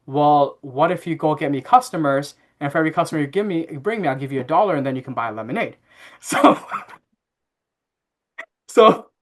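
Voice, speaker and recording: A man's voice: fairly high pitch, a little fast, long pauses. Chatty man telling a family story. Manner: animated anecdote-telling with frequent fillers and laughs. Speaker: podcast guest. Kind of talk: casual interview storytelling.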